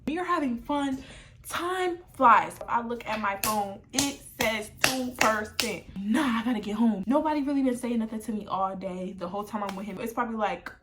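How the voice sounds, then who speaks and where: A woman's voice: fairly high pitch, normal speed, background noise. A young woman chatting through a storytime while getting ready on camera, slangy and laughing along. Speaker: vlogger.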